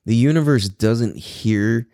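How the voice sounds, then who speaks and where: A man hosting a podcast, telling a personal story in a rambling, profane way and acting out quotes with sudden high pitch jumps. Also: slow, dark tone, dry recording, clean studio sound. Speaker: podcast host. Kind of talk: casual storytelling monologue.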